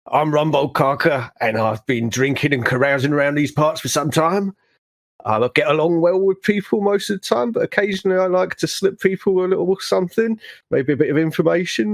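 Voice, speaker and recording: A man's voice: fairly high pitch, moderate pace, vocal fry, dry recording. A man voicing an unsociable, hard-drinking schemer in a tabletop game, with a slightly theatrical drawl. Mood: sly. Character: boozy unsociable man, sly tavern schemer.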